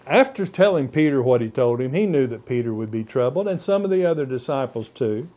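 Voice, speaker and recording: A man preaching a sermon as pastor. He reads scripture in old-fashioned wording, and his pitch rises on key words and drops low at the ends of phrases. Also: animated, brisk, mellow.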